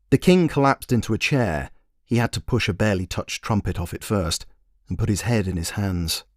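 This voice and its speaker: A man's voice: fairly low pitch, lively intonation, moderate pace, no echo, clean studio sound. A man narrating a fairy tale he wrote, in a wry, playful storytelling manner. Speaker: storyteller and author.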